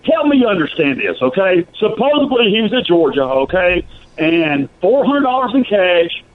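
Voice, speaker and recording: High-voiced, emphatic male radio caller. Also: big pitch swings, normal speed, slight background noise. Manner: emphatic, argumentative, keeps saying "okay". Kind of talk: call-in radio talk. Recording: tinny phone line.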